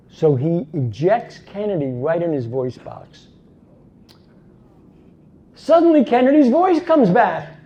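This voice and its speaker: A man's voice: sits high, big pitch swings, slow, pauses often, warm tone. A man giving a dramatic storytelling talk as a conference speaker, emphatic and full of rhetorical asides. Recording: dull lo-fi recording.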